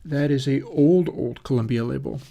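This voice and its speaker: Guy rambling casually, thinking out loud, mid-pitched, ums and restarts. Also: normal speed, vocal fry, slight background noise. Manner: musing, thinking aloud, frequent fillers and self-corrections. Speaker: host of an audio plugin channel.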